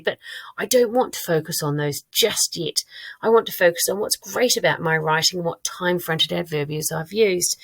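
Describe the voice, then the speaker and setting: Low-voiced woman teaching a recorded lesson. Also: fairly bright tone. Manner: clear and encouraging, talks straight to pupils; thinks aloud while checking her own writing. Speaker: primary school teacher.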